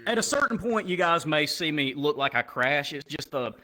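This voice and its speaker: A man's voice: a little high, normal speed. A man telling a stand-up story, acting out the people in it with shifting voices. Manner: animated, acts out characters with shifting voices. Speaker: stand-up comedian. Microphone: VR headset mic. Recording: live crowd audible. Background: crowd laughter.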